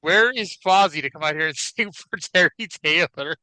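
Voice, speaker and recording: Bright, crisp-voiced male podcast host. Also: a little high, moderate pace, no room sound, low-quality recording. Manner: wry, chatty, profane. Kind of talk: casual chat about wrestling.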